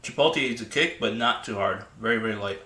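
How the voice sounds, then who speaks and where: A man's voice: fairly low pitch, fast, bright, forceful tone, echoey room. A man hosting a casual livestream from his home kitchen, eating and answering chat with many restarts and mumbled tasting sounds. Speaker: livestream host.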